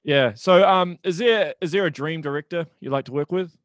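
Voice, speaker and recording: A man's voice: fairly high pitch, moderate pace, no echo, studio quality. A man hosting a casual interview, easygoing and agreeable. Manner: easygoing, agreeable, lots of "yeah". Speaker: podcast host.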